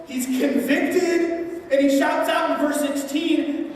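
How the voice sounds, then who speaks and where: High-voiced woman preaching in echoing hall. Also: steady tone, takes it slowly, darkish tone. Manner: conversational storytelling with playful asides. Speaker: pastor. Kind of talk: sermon. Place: large church hall. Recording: echoey hall from far off.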